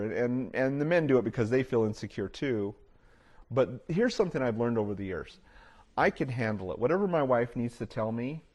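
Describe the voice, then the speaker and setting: A middle-aged man preaching a sermon to his congregation. He talks casually, with many "you know" fillers and restarts. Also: mid-range voice. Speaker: pastor. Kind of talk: conversational sermon.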